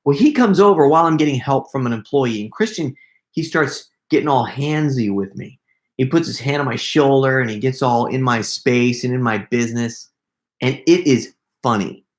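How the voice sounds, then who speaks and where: A middle-aged man hosting a casual live Q&A, telling stories in an excitable, rambling way full of quick asides. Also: a little high. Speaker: prank video creator hosting a live Q&A. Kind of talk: casual livestream chat.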